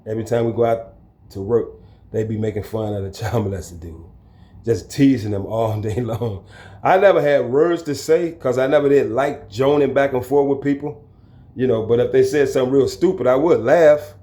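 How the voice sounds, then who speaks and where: A man telling a story from his own life in a casual, lively way, acting out the people in it. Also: medium pitch, moderate pace. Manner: animated, acts out the people in his story, chuckles. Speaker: storyteller recounting his prison time. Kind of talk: casual spoken storytelling to camera.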